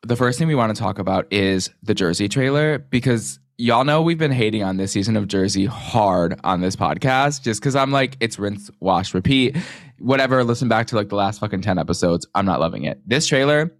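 Excitable gay podcast host, dry sound. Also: male voice, fairly low pitch, a little fast, no echo. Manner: excitable, swears freely, laughs loudly. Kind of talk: casual chat.

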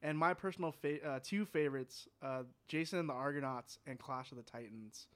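A man's voice: a little high, fairly quick, a bit bright. A man co-hosting a casual movie chat, sharing film history with many ums and uhs. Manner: informative, lists films with fillers. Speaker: podcast co-host.

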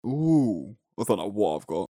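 A man's voice: lowish voice, big pitch swings, normal speed, dark tone, husky, no room sound, clean studio sound. Chatty man using slang. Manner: chatty and self-deprecating, says "bruv" and "innit". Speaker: podcast co-host. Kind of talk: casual chat. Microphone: personal microphone.

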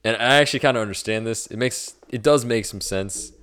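A man's voice: mid-range voice, brisk, fairly bright tone, smooth. A man co-hosting a podcast in casual chat, explaining his points patiently and laughing often. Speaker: podcast co-host.

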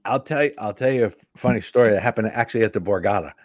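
A man in relaxed conversation, spinning comic anecdotes and slipping into the voices of the people in them. The recording is dry and close, with no room sound. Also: on the low side, racing, no room sound. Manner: animated anecdotes, acting out quoted women. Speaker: stand-up comedian. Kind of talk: casual storytelling chat.

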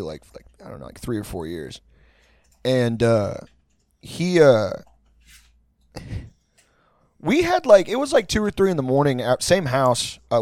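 A man's voice: medium pitch, a little mellow, no room sound, studio quality. A man from Houston, Texas telling a crude story in a casual, rambling way, full of filler words.

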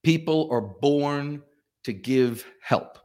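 On the high side with a clean tone, this man's slow-paced voice belongs to a Southern US sales coach being interviewed as a guest. Lively throughout, he performs phone calls in a range of voices.

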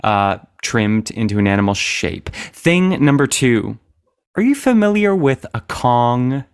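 An enthusiastic man hosts a podcast, chatting casually and keeping the energy up. His voice sits at an everyday middle pitch. The recording is dry and close, with no room sound. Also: sing-song, clear, resonant tone, no room sound. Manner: upbeat, enthusiastic, quick to laugh along. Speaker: podcast host.

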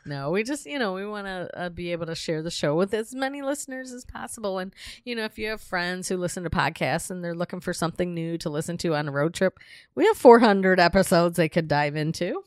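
A woman co-hosting a paranormal-style chat show, her voice a bit low and hoarse because it is giving out. She talks in a relaxed, chatty way, close to the mic, and the sound is dry with no room around it. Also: fairly quick, dry recording. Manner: chatty, laughs often, friendly promo reads. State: losing her voice. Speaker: podcast co-host. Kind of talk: casual podcast chat.

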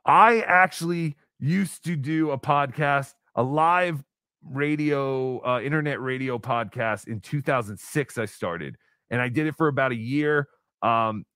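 A man's voice: mid-range voice, a bit bright, no room sound, clean studio sound. A man hosting a casual live-stream podcast, rambling with lots of fillers. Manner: rambling, hesitant, with many fillers. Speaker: podcast host.

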